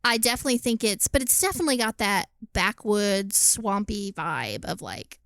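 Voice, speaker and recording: A woman co-hosting a podcast, chatting casually about a film, animated, laughing often and swearing freely. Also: medium pitch, normal speed, vocal fry, no room sound. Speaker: podcast co-host. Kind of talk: casual film review chat.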